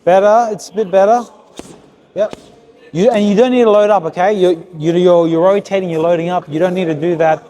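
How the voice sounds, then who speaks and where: A man's voice: high voice, fairly even intonation, a little fast, mellow. A man coaching a young boxer at a heavy bag, giving short, repeated, encouraging cues. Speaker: boxing coach. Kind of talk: hands-on coaching session. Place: boxing gym with heavy bag.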